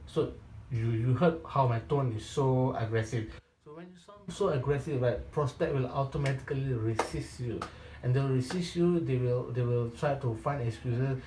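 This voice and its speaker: A man's voice: mid-range voice, normal speed, background noise. A man coaching real estate agents in a question-and-answer session. He repeats points for emphasis, restarts his sentences and ends many lines with a questioning "right?". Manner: repetitive and emphatic, with frequent restarts. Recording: roomy echo.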